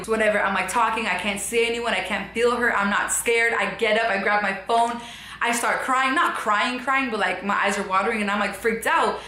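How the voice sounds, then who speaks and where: Bright-voiced young woman telling a story. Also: a little high, echoey room. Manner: rambling, filler-heavy, shifts from hushed to animated. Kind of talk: casual storytelling to camera. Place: her apartment.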